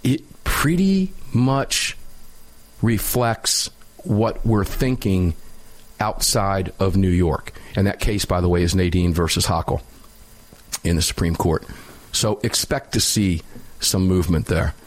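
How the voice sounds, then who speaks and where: Male talk radio host, low register, sarcastic, casual banter. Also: slow. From United States. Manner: opinionated, sarcastic, laughs while mocking.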